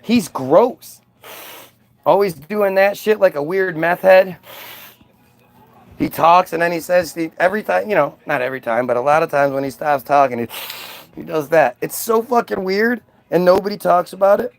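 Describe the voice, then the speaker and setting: A man's voice: high-pitched, moderate pace, creaky, no echo. A man delivering a casual, profane, sarcastic vlog rant in an exasperated manner. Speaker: vlogger. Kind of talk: casual ranting monologue.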